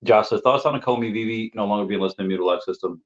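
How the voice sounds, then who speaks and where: A man with a fairly low voice chats loosely on a live stream, tripping over repeated words and breaking into laughter. He coughs now and then as he gets over an illness. The audio is muffled and lo-fi. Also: fast talker. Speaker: livestream host answering chat. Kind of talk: casual live chat.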